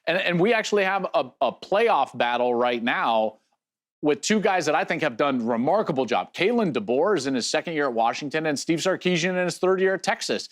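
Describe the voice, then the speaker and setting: A middle-aged man hosting a sports show, answering fan questions in a casual, animated way with fillers and restarts. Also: fairly high pitch, brisk.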